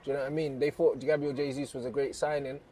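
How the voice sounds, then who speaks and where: A man's voice: medium pitch, little pitch movement, quick pace, mellow. A young man giving dry, sarcastic put-downs as a mock fan pundit.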